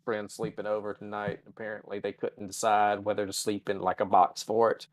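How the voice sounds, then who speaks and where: A man's voice: fairly low pitch, little pitch movement, normal speed, no room sound. A middle-aged man co-hosting a live-stream podcast, talking bluntly and sarcastically with plenty of profanity. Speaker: podcast co-host. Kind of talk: casual live-stream chat.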